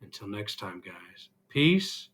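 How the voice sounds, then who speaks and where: A man's voice: on the low side, big pitch swings, takes it slowly, fairly bright tone, husky. A middle-aged man vlogging an earnest, emotional personal reflection, still getting over an illness. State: recovering from illness, congested.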